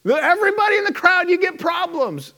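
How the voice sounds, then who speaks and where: A booming talk-show hostess hands out surprises to her studio crowd in a high, swooping voice, as a male preacher puts her on. Her delivery is grand and teasing. Her pitch leaps up and down. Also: big pitch swings, a little fast, bright, forceful tone, heavily acted. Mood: grandly announcing.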